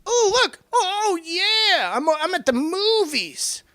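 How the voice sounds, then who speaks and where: A man's voice: very high-pitched, big pitch swings, slow, bright, forceful tone, no room sound, studio quality, voice pushed up, full character voice. A man putting on a giddy, phone-addicted moviegoer who squeals breathlessly over incoming texts.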